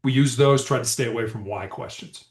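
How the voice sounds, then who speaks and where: A man with a mid-range voice speaks briskly as a podcast guest, a former hostage negotiator. He tells stories conversationally and acts out quoted dialogue with animation. The room he's recorded in is echoey.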